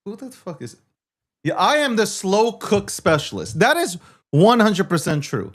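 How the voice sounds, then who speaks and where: Cocky guy on a live crypto stream, swears a lot, high lively voice all over the place. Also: a little slow. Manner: brash, profane, boastful. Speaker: show host.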